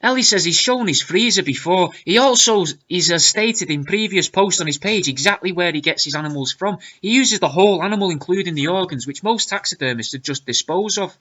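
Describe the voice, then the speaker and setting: A man reading out comments with wry, deadpan asides in a casual commentary. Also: high voice, fairly quick, few pauses, highs cut off. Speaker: video creator reading comments.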